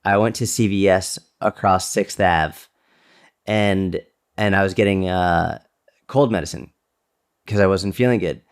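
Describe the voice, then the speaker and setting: A man co-hosting a podcast, telling a story in casual chat with lively, animated delivery. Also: unhurried, pauses often, clear, resonant tone. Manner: animated storyteller, jumps to a high bright voice when quoting greetings. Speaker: podcast co-host. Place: New York City resident at the time.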